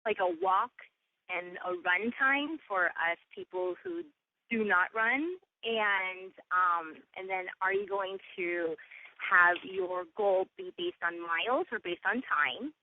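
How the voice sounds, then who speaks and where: On a podcast she co-hosts, a woman chats casually, laughing easily and using lots of fillers. Her mid-range voice is slow and sing-song with vocal fry, and the recording sounds tinny, like a phone.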